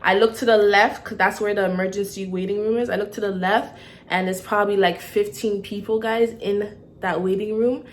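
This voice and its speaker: A young woman tells a story to her vlog viewers in a lively way, often asking "okay?". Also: medium pitch, moderate pace, a little hiss or hum. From Toronto, Canada. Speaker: vlogger.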